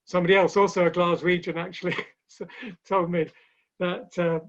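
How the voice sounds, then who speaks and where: A man's voice: high-pitched, little pitch movement, moderate pace. A man speaking as a guest in a webinar conversation, telling stories with light humor in a chatty way. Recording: dull lo-fi online call audio.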